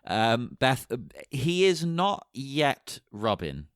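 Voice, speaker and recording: Man, podcast co-host, casual chat, very animated pitch, dry close sound, wry, opinionated. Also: slow pace, smooth, no echo.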